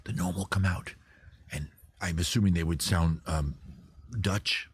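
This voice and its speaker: A man hosting a livestream from home, riffing on viewer questions in a rambling, crude, deadpan absurd way. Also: low voice, measured pace, breathy edge. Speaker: host. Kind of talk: improvised comic livestream answering viewers.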